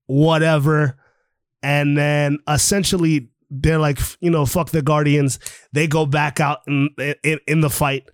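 Male podcast host, slightly high voice, dry close sound; animated, profane, acts out the story's lines. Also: unhurried, no echo. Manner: animated, swears freely, acts out characters' lines. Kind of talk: casual retelling of a comic book plot. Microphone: online call.

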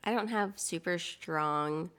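A woman co-hosting a podcast in relaxed, easygoing casual chat with some teasing. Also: fairly low pitch, slow. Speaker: podcast co-host.

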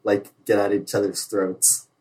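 A man's voice: lowish voice, completely flat delivery, measured pace, a little mellow, low-quality recording. A young man, a navy sailor, telling stories in casual chat with many filler likes and frequent laughs.

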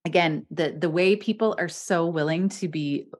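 A woman's voice: fairly low pitch, unhurried. A woman hosting a podcast as a voice coach, talking animatedly and laughing often between points. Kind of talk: casual podcast conversation.

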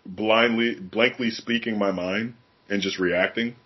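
A podcast co-host with a lowish, slightly rough voice takes his time telling stories in casual chat. He's candid, profane and animated, and the sound is lo-fi.

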